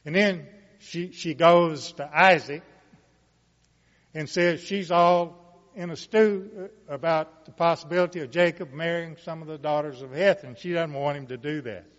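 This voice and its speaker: A man reads scripture and comments on it in a measured, emphatic sermon style. His voice sits a little high and moves very slowly. The sound is dull, with a long reverb trailing behind each phrase. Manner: slow, deliberate reading with emphatic rises. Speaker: preacher. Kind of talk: Bible reading with commentary.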